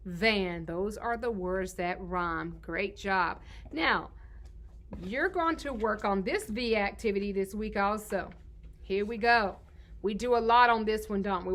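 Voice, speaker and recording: A woman's voice: a little high, fairly bright tone. A woman teacher giving a children's phonics lesson. She asks questions in a sing-song way and answers them herself.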